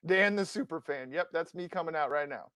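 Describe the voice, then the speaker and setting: A male sports podcast co-host rants with passion into a close mic, combative and emphatic. His voice is on the high side, brisk, bright and smooth, with a forceful tone, and the recording is dry.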